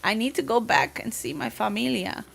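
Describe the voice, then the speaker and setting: A woman livestreamer chatting casually with her viewers, talkative, slangy and quick to laugh. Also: a little high, very animated, creaky, a bit bright, breathy edge.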